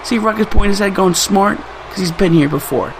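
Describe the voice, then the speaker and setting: Excitable gravelly young man commentating gameplay. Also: high voice, a little fast, slight background noise. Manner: excitable, trash-talking, laughs often. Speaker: gaming channel host.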